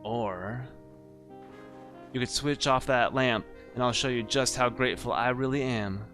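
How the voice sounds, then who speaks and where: A man's voice: mid-range voice, unhurried, fairly bright tone, faint music behind, lightly acted. A man voicing a scheming married woman client in a noir story game, pleading and then seductive.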